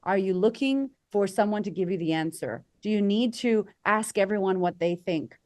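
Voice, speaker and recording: A woman coaching as a podcast guest, energetic and conversational, acting out quoted voices for emphasis. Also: medium pitch, moderate pace. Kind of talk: conversational interview.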